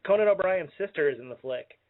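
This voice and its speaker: A man's voice: fairly high pitch, animated, fast. A man co-hosting a comedy radio show, enthusing wryly about a film. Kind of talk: casual comedic banter. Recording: phone-like narrow-band audio.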